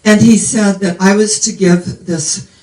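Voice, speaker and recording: Preaching a sermon, a woman in her 70s meanders from story to story in a steady, mid-range voice that's unhurried and a bit mellow. The minister sounds distant, her words echoing around the room.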